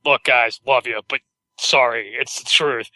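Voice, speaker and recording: A man in a casual podcast chat, rambling and halting with many fillers. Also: mid-range voice, fairly even intonation, bright, forceful tone, no room sound, rough recording. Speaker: podcast panelist.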